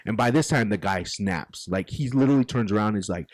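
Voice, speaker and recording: A man casually telling a profane road-trip anecdote as podcast host, animated and full of quoted exchanges. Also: on the low side, fast talker, few pauses, dry recording. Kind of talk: casual storytelling.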